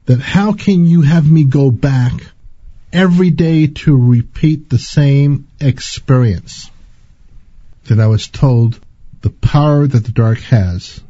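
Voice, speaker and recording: Deep husky-voiced man, earnest and slow. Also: dark tone, no echo, lo-fi sound. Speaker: spiritual speaker. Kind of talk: personal spiritual testimony.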